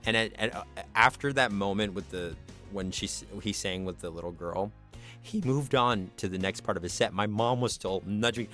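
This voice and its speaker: A man hosting a livestream, telling a story in casual chat, animated and acting out the people he quotes. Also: fairly low pitch, normal speed, soft background music. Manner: animated, acts out quoted voices. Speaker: livestream host.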